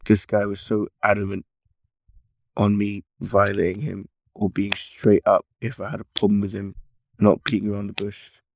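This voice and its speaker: A man's voice: lowish voice, monotone, moderate pace, vocal fry, a little hiss or hum. A young man in a casual podcast chat, telling a story in a laid-back way. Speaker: podcast co-host.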